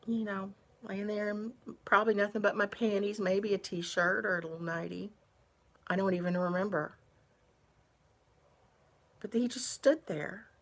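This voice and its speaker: In a relaxed, unhurried way, a woman with a medium-pitched voice tells a personal story as if chatting with a friend. She pauses between phrases.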